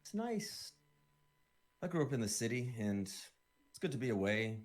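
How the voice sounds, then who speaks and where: A man's voice: medium pitch, sing-song, moderate pace, pitched above the performer's own voice, lightly acted. A man doing a cryptic old fortune-teller.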